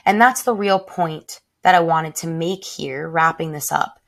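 Woman venting and reflecting from her tiny home, lowish voice, heartfelt, swears a lot. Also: a little slow, fairly bright tone. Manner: emotional, swearing, heartfelt, self-talk. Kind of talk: raw personal reflection.

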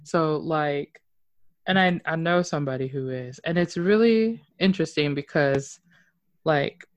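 Low-voiced woman, rambling chat, dry sound. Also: measured pace, no echo. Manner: rambling, many fillers like "like". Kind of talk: casual chat.

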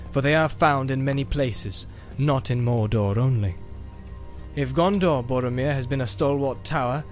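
A man voicing a weathered, solemn ranger in a read-aloud story. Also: close to an everyday voice. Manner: low, measured, solemn. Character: weathered grave ranger man, calm heir.

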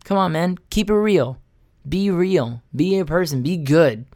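A man's voice: on the high side, a little slow, darkish tone, dry recording, studio quality. A man hosting a casual monologue, rambling with slang and frequent swearing. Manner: rambling, profane, street slang.

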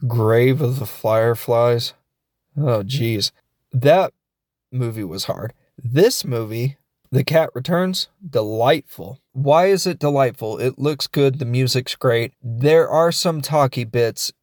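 A man's voice: mid-range voice, dry recording, clean studio sound. A man hosting a show, casually recapping and reviewing a film in a jokey, offhand way, briefly acting out the characters' lines. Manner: animated retelling, acting out characters' lines in quick voices.

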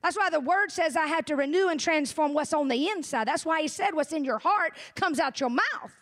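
A woman pastor delivers a lively sermon. Her voice sits high, and she mixes homespun humor with direct questions to the congregation. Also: brisk. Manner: animated, folksy, humorous preaching with audience asides.

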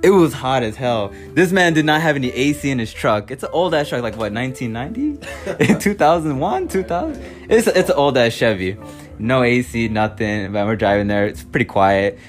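A man telling a story among friends in a casual chat, animated, swearing often and laughing. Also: mid-range voice, normal speed, soft background music. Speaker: storyteller on a podcast.

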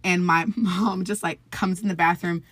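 Low-voiced young woman telling a story. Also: steady tone, moderate pace, fairly bright tone, no room sound. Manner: chatty, filler-heavy, acts out quoted voices. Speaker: guest. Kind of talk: casual conversational storytelling.

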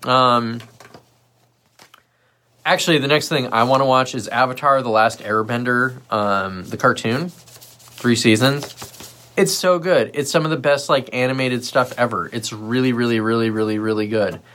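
A man's voice: mid-range voice, normal speed. A man hosting a livestream, talking casually and rambling with lots of fillers and asides. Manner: puts on lively voices when quoting others. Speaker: livestream host.

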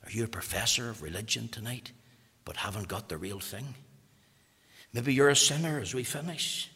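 Brief: Northern Irish preacher, fervent, gravelly and bright, long church reverb. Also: male voice, mid-range voice, moderate pace. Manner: impassioned, swings from loud urgency to hushed intensity. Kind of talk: sermon.

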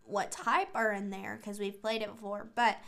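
A woman's voice: mid-range voice, fairly even intonation, normal speed, creaky, fairly bright tone. A woman co-hosting a casual couple's chat, talking in a chatty, giggly, playful way. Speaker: co-host.

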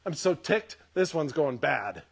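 Preacher putting on a grouchy god-the-father voice, mutters like he's ticked off, swoopy pitch. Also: very animated, measured pace, vocal fry, slightly rough, heavily acted. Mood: grumbling. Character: grumpy male God the Father, fuming.

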